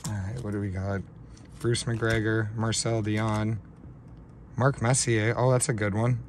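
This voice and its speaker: A man hosting a casual card-opening vlog, talking in a slow, low-key way and getting shaky and overwhelmed with excitement. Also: very noisy. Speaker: card-breaking channel host.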